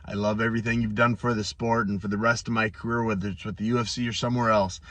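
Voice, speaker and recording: Casting: thirties man, low voice, halting casual storyteller, a bit off-mic, dry. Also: dry recording, distant mic. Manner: halting, many restarts and fillers, excitable when telling good news. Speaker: pro fighter vlogger.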